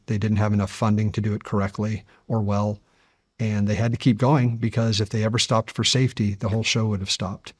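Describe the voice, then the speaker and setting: A man in his fifties, a guest on an interview show, telling stories in a measured, earnest way and building to animated passages. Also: lowish voice, dry recording, studio quality. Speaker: guest, deep-sea explorer. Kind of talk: conversational interview storytelling.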